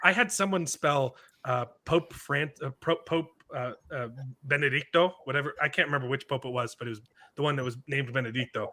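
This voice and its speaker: A man's voice: mid-range voice, a little fast, sharp tone. A man chatting as a guest on a live stream, rambling through anecdotes and repeating words. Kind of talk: casual live-stream chat.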